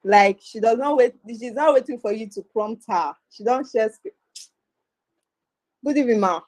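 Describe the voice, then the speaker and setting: A woman's voice: a little high, normal speed, no room sound, poor audio. Hype Nigerian woman co-hosting a webinar. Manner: hype, teasing, energetic. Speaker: webinar co-host. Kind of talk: lively casual chat with Pidgin.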